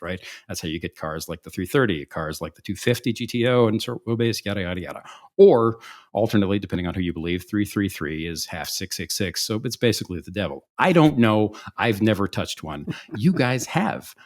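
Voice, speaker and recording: A man hosting a podcast, telling a story with jokes and sarcastic asides. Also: on the low side. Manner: animated, jokey, sarcastic asides. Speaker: podcast host. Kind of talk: comedic storytelling monologue.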